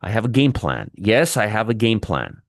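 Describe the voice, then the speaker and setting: A man's voice: fairly low pitch, sing-song, moderate pace, vocal fry, dry recording. Male trading host, dry close sound, teasing and wry, live commentary.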